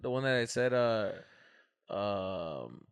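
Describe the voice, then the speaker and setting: A man co-hosting a casual podcast, reacting loudly and excitedly with questions. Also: lowish voice, slow pace, vocal fry, clean tone. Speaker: podcast co-host. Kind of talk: casual chat.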